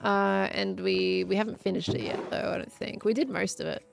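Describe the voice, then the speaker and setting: An Australian woman streamer rambling in casual chat while she plays a game, chatty and quick to giggle. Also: mid-range voice, vocal fry, faint music behind.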